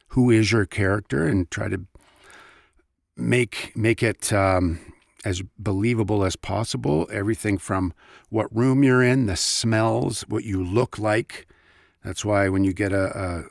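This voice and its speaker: Gravelly-voiced man chatting casually. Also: fairly low pitch, no room sound, clean studio sound. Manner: chatty, rambling, self-interrupting. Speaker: voice actor. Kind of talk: casual vlog talk.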